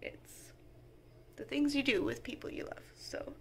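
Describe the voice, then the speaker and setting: A chatty, sentimental woman in her thirties talks straight to the camera from her home, in a bright, forceful voice. A faint hum of household noise sits behind her. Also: high-pitched, a little fast, vocal fry. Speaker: mom vlogger. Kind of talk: casual talk to camera.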